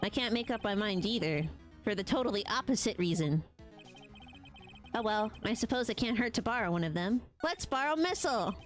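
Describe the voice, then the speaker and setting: A woman voicing an exasperated young male defense lawyer while reading game dialogue aloud, in a quick, incredulous way. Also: medium pitch, lively intonation, faint music behind, natural voice.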